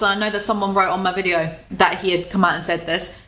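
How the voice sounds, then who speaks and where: A young British woman giving casual, sarcastic commentary, animated and swearing freely. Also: on the low side, fast. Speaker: commentary YouTuber. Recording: echoey room.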